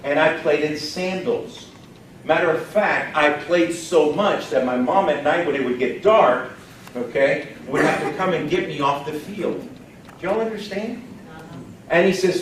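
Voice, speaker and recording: A man from Texas giving an energetic motivational training talk to a live audience, often putting questions to the room. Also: a little high, unhurried, slight background noise. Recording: roomy echo from far off, faint ambience.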